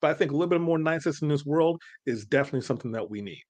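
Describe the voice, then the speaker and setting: A man's voice: a little high, lively intonation, rapid-fire, darkish tone. A man, co-hosting a casual reaction chat, making his case earnestly and at length. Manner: earnest, persuasive, rambling. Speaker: co-host.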